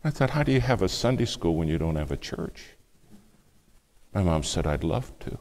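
A man preaching a sermon, telling a family story with hushed asides and louder bursts. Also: sits low, animated, normal speed. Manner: dramatic storytelling, acts out quoted speech, shifts between hushed and loud.

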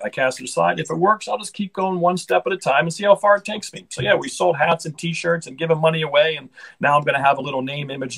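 A man's voice: a little high, vocal fry, a bit bright, low-quality recording. A middle-aged man, a hockey broadcaster, chatting casually in an interview with an upbeat, rambling manner and frequent restarts.

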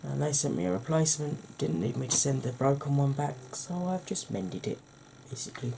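A woman with a husky, croaky voice hosts a soft-spoken ASMR makeup tutorial, chatting gently to her viewers. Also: extremely low pitch, animated, a little fast, a little hiss or hum. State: husky, croaky voice from a sore throat.

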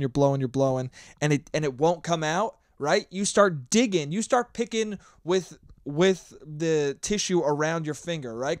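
A young man hosting his own podcast, ranting with lots of swearing and sometimes shouting into a handheld mic. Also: a little high, no room sound, clean studio sound. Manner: profane, animated ranting; shouting at times. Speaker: podcast host. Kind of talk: solo podcast monologue.

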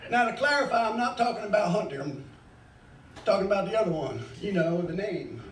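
Middle-aged male open-mic comic, crude, rambling and profane, with a high voice, caught from a distance in a roomy bar. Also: expressive, fairly quick, slight background noise. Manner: crude, rambling, swears freely. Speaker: stand-up comic. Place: bar stage. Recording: echoey bar, mic far off.

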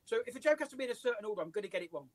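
English man, high voice, lively stories. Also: racing, a little hiss or hum, low-quality recording. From England. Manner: animated anecdotes, voices and laughs. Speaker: comedian guest. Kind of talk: casual storytelling interview.

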